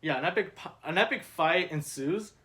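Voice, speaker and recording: A man's voice: fairly high pitch, lively intonation, moderate pace, pushed and bright. A man telling an absurd story in a casual, rambling way, piling on fillers and mock-dramatic emphasis, often restarting mid-sentence. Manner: frequent self-corrections and restarts. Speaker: storyteller reading his own script.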